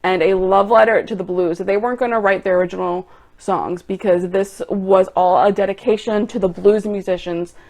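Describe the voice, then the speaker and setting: A woman's voice: mid-range voice, fairly even intonation. Ranting young woman movie vlogger. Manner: exasperated, ranting, goes loud and quick when annoyed. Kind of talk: reacting to online reviews.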